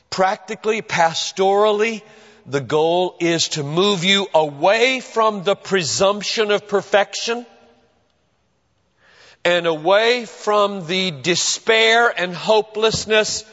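A male pastor preaching a sermon in a church, earnest and emphatic, with dramatic pauses. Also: high voice, lively intonation, a bit bright. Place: church sanctuary. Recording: dull recording with long hall reverb.

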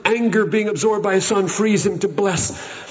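A man preaching a sermon, moving from hushed, solemn retelling to loud, urgent exhortation. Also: high-pitched, normal speed. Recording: muffled recording with long hall reverb.

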